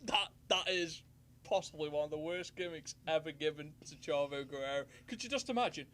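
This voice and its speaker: A man's voice: fairly high pitch, brisk, fairly bright tone, a little hiss or hum. A man co-hosting a wrestling podcast, laughing as he retells stories. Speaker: podcast co-host. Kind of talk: casual wrestling chat.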